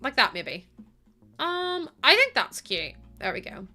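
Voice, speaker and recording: A woman's voice: high voice, very animated, a little slow, sharp tone. Giggly young woman streamer. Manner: giggly, playfully scolding her chat. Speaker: live streamer. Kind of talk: casual live-stream chat. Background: faint music.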